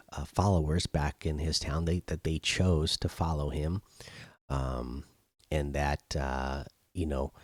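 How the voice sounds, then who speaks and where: A man with a low voice recaps an episode in a loose, chatty way, leaning on fillers and restarting his sentences. The sound is close and dry, with no room echo. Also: darkish tone. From not British. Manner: loose, filler-heavy retelling. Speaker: host. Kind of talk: casual spoken recap.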